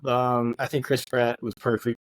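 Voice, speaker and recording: A man's voice: medium pitch, monotone, moderate pace, no room sound. A man co-hosting a casual movie review podcast, talking animatedly and swearing as he retells scenes. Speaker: podcast co-host.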